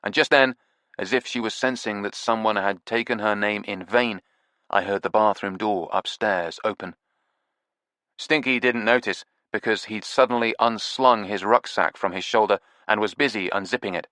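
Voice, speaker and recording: A man narrating a cosy mystery audiobook in the first person, wry and understated. His voice sits fairly low. The sound is close and dry, with no room around it. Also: moderate pace, sharp tone, no echo.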